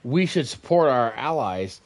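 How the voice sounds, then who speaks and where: A man's voice: medium pitch, animated, measured pace. A young man and military veteran in casual political chat, blunt and emphatic, swearing freely. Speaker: podcast co-host, military veteran.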